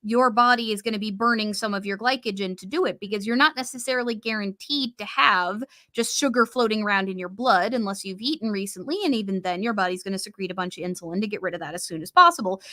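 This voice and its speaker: A woman's voice: medium pitch, fast, few pauses, pushed and bright. A woman co-hosting a casual educational chat, explaining with assurance and correcting small details. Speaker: co-host.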